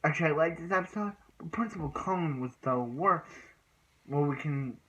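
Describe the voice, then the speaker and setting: A man's voice: fairly high pitch, moderate pace, fairly bright tone, poor audio. A man casually recapping and reviewing a TV episode, rambling with many restarts and fillers and bursts of exasperation.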